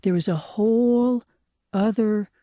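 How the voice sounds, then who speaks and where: An older man, a rabbi, telling a personal spiritual story in a soft, reflective way, often dropping to a hushed whisper. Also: high-pitched, slow pace, no room sound, clean studio sound. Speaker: rabbi teaching.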